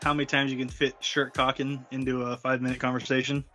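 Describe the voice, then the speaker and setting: A man's voice: medium pitch, monotone, quick pace, sharp tone. A man co-hosting a podcast in casual chat, making dry wisecracks. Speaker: podcast co-host. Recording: dull lo-fi podcast audio.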